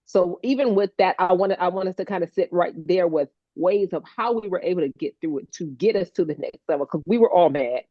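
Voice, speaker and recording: A lively woman with a lowish voice, chatting warmly and laughing often. The recording is dry and a little dull, as if made on a modest mic. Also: a little fast, few pauses, dry recording. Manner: animated, playful, laughs often. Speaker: co-host, stroke survivor advocate. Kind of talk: casual heartfelt chat.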